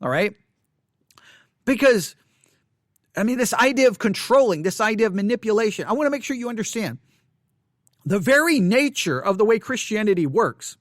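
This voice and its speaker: Earnest man with a lively high voice. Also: no room sound, studio quality. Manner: earnest, halting with many restarts. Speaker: Christian commentator. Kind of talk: reading and commenting on an article.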